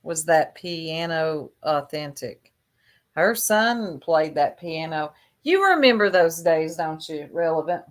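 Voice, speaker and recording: A woman gossips on a casual livestream in a low, unhurried drawl. Her manner is chatty and catty, and she lingers over every jab. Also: lively intonation.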